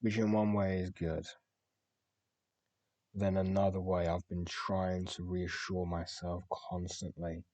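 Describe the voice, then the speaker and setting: A young man with a very deep, level voice speaks candidly in a personal, diary-like monologue. He pauses on words and restarts as he reflects. The recording is dry and close, with no room sound. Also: flat delivery, a little mellow, no echo. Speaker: podcast host.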